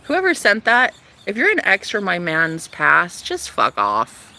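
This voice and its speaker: A young woman venting to her camera in a sassy, foul-mouthed vlog monologue. Her bright voice has a gravelly edge and leaps all over in pitch. She turns from loud outbursts to hushed asides. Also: huge pitch swings, unhurried. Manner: sassy, profane, dramatic, swinging from loud to hushed. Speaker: vlogger.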